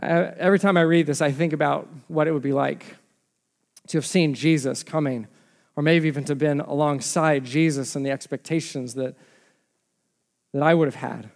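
A man in his thirties, a pastor giving a lively, conversational sermon full of rhetorical questions. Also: on the high side, normal speed, gravelly. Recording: reverberant hall sound.

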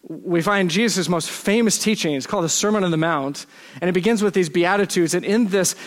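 A man preaching a sermon as pastor in a church, conversational and self-deprecating, with playful asides. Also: sits high. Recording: long church hall reverb.

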